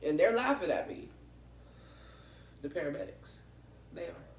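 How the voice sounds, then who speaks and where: A woman vlogger tells a story casually, with a lively, swooping pitch and frank, salty language. Her voice bounces around an echoey room at home. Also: unhurried, creaky, a little hiss or hum. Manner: animated, expressive, swears freely.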